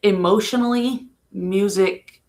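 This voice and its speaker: A woman talks casually into a home live stream at an ordinary middle pitch. She is soft-spoken and emotional, and she slips into small laughs through her sadness. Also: takes it slowly. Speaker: vlogger. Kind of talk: casual vlog, talking about grief.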